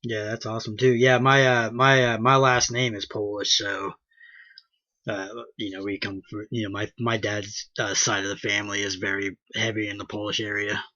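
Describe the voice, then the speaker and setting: A man interviewing a guest, asking loose, halting questions full of fillers. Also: fairly low pitch, flat delivery, bright, forceful tone, highs cut off. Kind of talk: casual interview.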